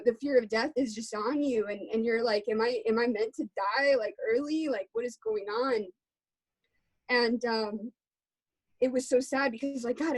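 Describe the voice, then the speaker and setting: Earnest woman, slightly high voice. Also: darkish tone, rough recording. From Texas. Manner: earnest, heartfelt, faith-centered. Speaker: guest musician. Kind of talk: candid interview talk.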